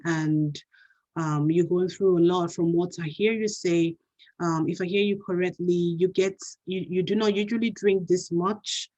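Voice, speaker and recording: Low, mellow woman counseling on a video call. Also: dull audio. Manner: gentle, halting, many fillers and restarts. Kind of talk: counseling role-play session.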